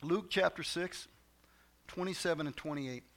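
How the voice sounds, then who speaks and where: Giving a sermon to his congregation, this pastor has a high, bright, gravelly voice at normal speed. He keeps it conversational and loose, repeating key phrases and tossing in asides to the people listening.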